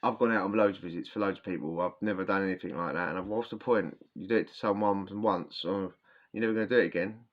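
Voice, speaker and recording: A man with a low-pitched voice and a sore throat tells prison stories fast, rambling in slang and often restarting his sentences. It's casual storytelling captured in dull, lo-fi sound.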